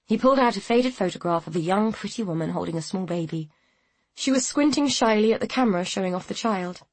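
A woman reading a novel aloud in a measured, even storytelling manner. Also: mid-range voice, no echo. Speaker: audiobook narrator. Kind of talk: scripted narration.

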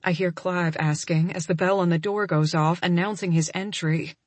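A woman's voice: fairly low pitch, fairly even intonation, moderate pace, dry recording. A woman narrating a first-person romance audiobook in an intimate, emotional reading.

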